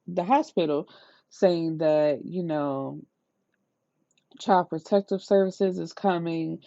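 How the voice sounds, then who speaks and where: A woman reviewing a book in a casual rant, retelling the plot in an incredulous, profane, lively way. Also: on the low side, slow, vocal fry, no echo. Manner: incredulous, profane, animated storytelling. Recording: slightly dull lo-fi sound, dry.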